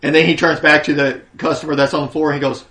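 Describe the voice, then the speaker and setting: A man in casual political chat who speaks haltingly, often restarting his sentences. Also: on the high side, flat delivery, sharp tone, roomy sound.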